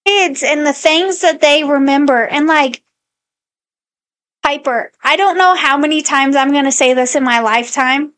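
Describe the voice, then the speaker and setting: A woman's voice: high voice, moderate pace, fairly bright tone. A woman co-hosting a podcast, chatting casually and fondly about her young kids. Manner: chatty, laughs at her kids' antics. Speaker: podcast co-host. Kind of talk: casual chat.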